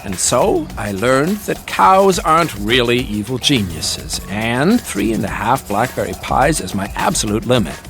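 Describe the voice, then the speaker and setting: An actor playing a bumbling adult man in an animated series, speaking in a dry, deadpan way. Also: mid-range voice, unhurried, few pauses, over music. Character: bumbling adult man, cartoon odd-jobber.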